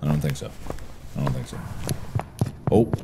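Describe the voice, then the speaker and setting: Excitable man narrating his own gameplay. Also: very deep voice, normal speed, creaky, very noisy. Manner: excitable, reacting aloud while playing a horror game. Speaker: gaming video host. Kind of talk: let's play commentary.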